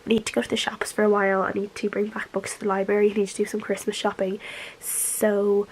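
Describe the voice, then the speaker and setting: A woman's voice: mid-range voice, completely flat delivery, fast, slight background noise, low-quality recording. A young woman with a stuffy nose from a cold, chatting casually in a book vlog from her room, with lots of ums and uhs. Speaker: book vlogger. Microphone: camera.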